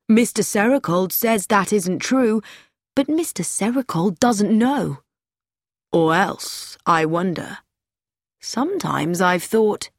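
A woman's voice: lowish voice, a little mellow, dry recording, studio quality. A woman reading an audiobook, voicing an anxious, self-important young man who speaks earnestly and fearfully about being watched. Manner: earnest, confiding, growing fearful.

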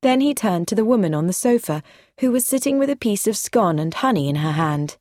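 A woman narrating a story aloud in a measured, clear, even way. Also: medium pitch, dry recording, clean studio sound.

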